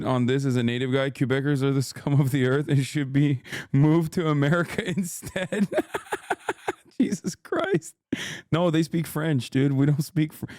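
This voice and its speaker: A man's voice: on the high side, a little mellow, smooth, no echo, clean studio sound. A man in his thirties streaming casual reaction commentary, blunt and profane, mocking and reading chat messages aloud.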